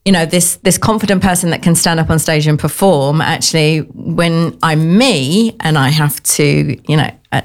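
A woman, a guest who runs a networking group, talking openly about her past. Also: low voice. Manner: open, candid storytelling. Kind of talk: casual chat.

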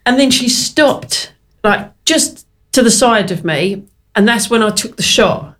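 A woman's voice: on the high side, a little slow. Woman guest, casual anecdote teller, laughs through her stories. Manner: chatty, laughing, animated retelling. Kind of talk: casual chat, storytelling.

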